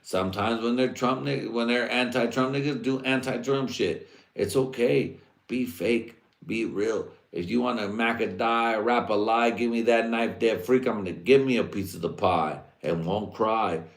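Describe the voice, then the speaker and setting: A man's voice: medium pitch, normal speed, gravelly. A man hosting a livestream, talking in a loose, rambling, profane and streetwise way. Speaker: livestream host. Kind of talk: casual rambling monologue. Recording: roomy echo.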